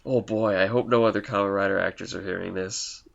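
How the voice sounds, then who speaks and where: A man's voice: on the low side, steady tone, brisk, gravelly, highs cut off. A Canadian man co-hosting a podcast, rambling and laughing often in casual, sweary banter. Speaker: podcast co-host.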